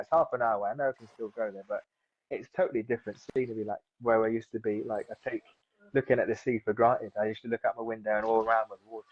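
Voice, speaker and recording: Casting: husky, low-voiced man in his 30s from South London, fast rambling chat, muffled lo-fi recording. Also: no echo. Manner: rambling, many fillers and restarts. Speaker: guest, seaweed farmer. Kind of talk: casual interview chat. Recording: dull lo-fi sound.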